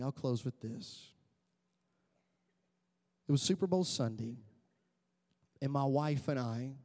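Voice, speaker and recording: A man preaching a sermon, telling stories and building to loud, emphatic peaks. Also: mid-range voice. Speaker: pastor. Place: large church hall. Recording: long hall reverb.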